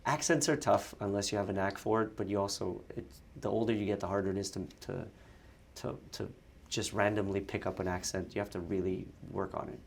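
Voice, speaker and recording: A young man from Montreal talks through an interview in a low, gravelly voice. He is chatty and laughs easily, often breaking off and restarting his sentences as he works his thoughts out loud. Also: steady tone, brisk, slight background noise. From Montreal, Canada. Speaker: actor and sketch comedian guest. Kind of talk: casual interview chat.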